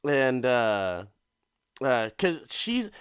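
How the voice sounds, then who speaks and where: A man's voice: mid-range voice, very animated, drawn-out words, clear, resonant tone, no echo, studio quality. Laid-back man recapping with profanity. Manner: laid-back, swearing, laughing, acting out characters. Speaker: podcast host. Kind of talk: casual comedic episode recap.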